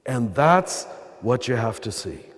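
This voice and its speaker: A man's voice: medium pitch, big pitch swings, takes it slowly. An older man with an American accent and a throaty voice, giving a conversational spiritual talk with wry asides as a priest. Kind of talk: spiritual talk to a live audience. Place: large cathedral. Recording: long cathedral reverb.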